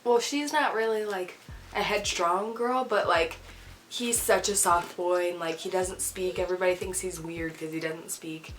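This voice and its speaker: A woman's voice: fairly low pitch, moderate pace, soft background music, low-quality recording. A young woman with a stuffy nose from a cold, chatting casually and rambling about books she read, with frequent giggles and fillers. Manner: rambling, giggly, says like a lot. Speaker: book vlogger. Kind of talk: casual reading wrap-up chat.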